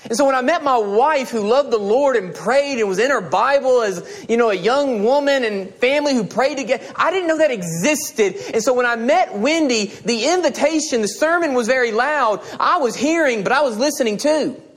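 A man's voice: extremely high pitch, animated, normal speed, few pauses. A man preaching a sermon as a pastor, pleading and emphatic, repeating his appeals to the congregation. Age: adult with children and a wife.

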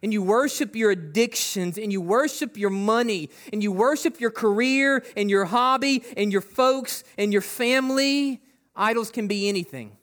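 Male pastor with a high voice, preaching conversationally, full of rhetorical questions. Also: normal speed, fairly bright tone. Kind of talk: sermon.

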